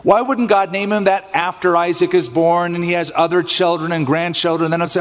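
Male pastor, higher voice, expressive sermon delivery, reverberant sanctuary sound. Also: fairly quick, few pauses. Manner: expressive preaching that acts out scripture voices. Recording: long hall reverb.

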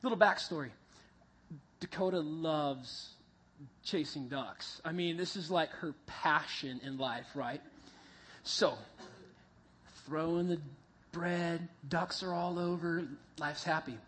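A man preaching to a group, telling a vivid, animated story that builds toward a Bible lesson. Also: a little high, takes it slowly, pauses often, husky. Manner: animated storyteller, acts out voices and sounds. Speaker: youth pastor. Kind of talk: sermon with a told story. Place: meeting room with a live group.

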